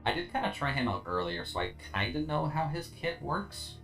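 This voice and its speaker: A man's voice: medium pitch, big pitch swings, moderate pace, vocal fry, fairly bright tone, soft background music. A tired man streaming a video game, talking through his play in a laid-back, rambling way with lots of fillers and slightly slurred words. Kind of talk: casual gameplay commentary.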